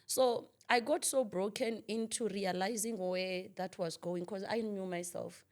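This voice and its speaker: A woman's voice: medium pitch, steady tone, measured pace. A woman, a minister giving personal testimony in a podcast interview, vividly acting out the dialogue she quotes. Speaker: guest minister.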